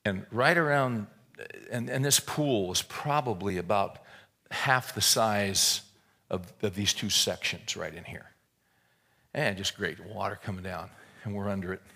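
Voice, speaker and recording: A man's voice: fairly low pitch, measured pace, creaky, pushed and bright. A man preaching a sermon, retelling a scripture story in a folksy, joking way and often repeating words as he restarts a thought.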